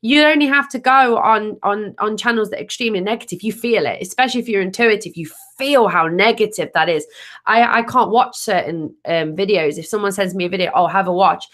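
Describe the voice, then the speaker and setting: A woman's voice: medium pitch, fairly bright tone. A woman tarot reader hosting a casual live stream, upbeat and chatty, restarting sentences as she answers viewer comments.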